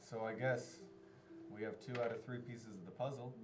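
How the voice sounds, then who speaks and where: A man's voice: lowish voice, fairly even intonation, normal speed. A man playing a tabletop game, making offhand, joking remarks. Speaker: player. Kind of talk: casual tabletop play. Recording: roomy, distant mic with music behind.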